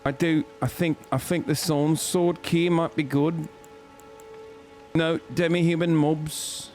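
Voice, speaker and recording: A laid-back man streams a video game and chats with his viewers, swearing freely. He speaks slowly in a fairly high voice. Soft game music sits in the background. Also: flat delivery. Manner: laid-back, profane, talks to chat. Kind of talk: casual gaming commentary.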